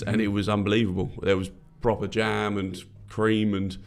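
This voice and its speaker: A man's voice: fairly low pitch, little pitch movement, a little fast. A man co-hosting a podcast, telling a rambling story in casual chat with many restarts. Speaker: podcast co-host.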